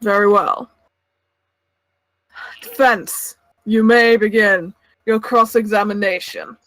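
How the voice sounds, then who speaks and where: A woman voicing a bossy, self-important courtroom judge in a tabletop game, speaking imperiously and slowly. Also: medium pitch, steady tone, a bit bright, dry recording, poor audio.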